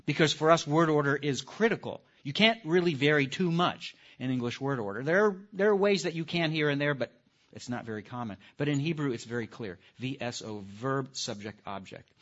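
A man teaching a live class in a lively lecture, putting questions to the audience and stressing key words. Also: on the high side, a little fast. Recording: dull lo-fi recording.

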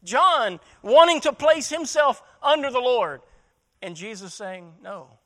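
A man's voice: very high voice, expressive, measured pace, sharp tone. A man preaching a sermon as pastor, asking rhetorical questions, repeating words as he restarts, and building to emphatic peaks.

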